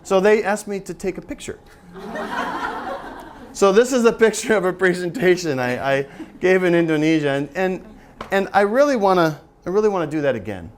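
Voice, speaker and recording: A man's voice: high voice, expressive, normal speed, slight background noise. A middle-aged man giving a live teaching seminar to an audience, chatty and joking as he draws the room in. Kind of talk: live workshop presentation.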